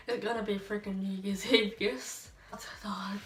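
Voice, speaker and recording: A young Australian woman rambles cheerfully to herself with a slight tipsy looseness, her pitch sitting in an ordinary middle range. She is recorded on a phone at some distance, so her voice carries a roomy echo. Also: steady tone, normal speed, a bit bright. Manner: rambling, chatty, talking to herself. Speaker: beauty vlogger. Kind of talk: get-ready-with-me chat. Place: bedroom at home under a ring light. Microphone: phone camera.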